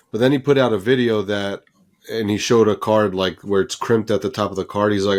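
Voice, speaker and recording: Podcast co-host, male, low voice, casual, filler-heavy rambling. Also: moderate pace. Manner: rambling, self-deprecating, lots of fillers. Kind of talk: casual chat.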